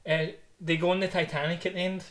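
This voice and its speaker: A man's voice: sits high, fast talker. Man telling stories. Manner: animated storytelling, swearing, laughing often. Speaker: podcast co-host. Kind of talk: casual chat.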